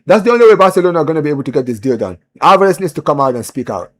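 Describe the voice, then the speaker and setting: A young man with a fairly high, racing voice hosts a football live stream and rants in casual chat. He is animated, repeats himself, says "bro" and "man" a lot, and gets louder when heated.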